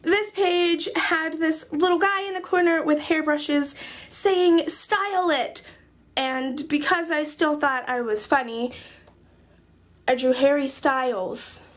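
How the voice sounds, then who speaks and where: Young woman vlogging, high voice, chatty and self-mocking, jokes a lot. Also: slow. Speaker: craft journaling vlogger. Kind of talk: casual chat.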